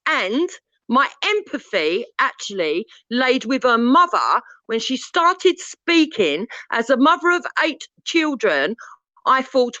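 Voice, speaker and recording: Woman, 50s, blunt lecturing debater, lively pitch, dry lo-fi stream sound. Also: no echo. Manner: blunt, lecturing, swears freely. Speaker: panelist on a live debate stream. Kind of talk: heated live debate.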